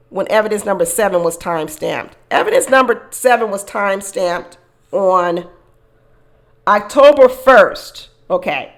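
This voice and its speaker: A woman hosting casual reality-show commentary, animated, acting out quotes and laughing often. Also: medium pitch. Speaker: commentary channel host.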